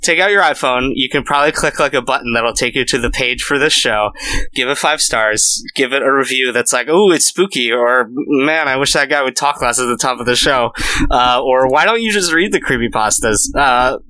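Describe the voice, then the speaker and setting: A man's voice: medium pitch, steady tone, normal speed, bright, forceful tone, poor audio. A young man hosting a podcast in casual chat, rambling and joking at himself, often laughing. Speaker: podcast host.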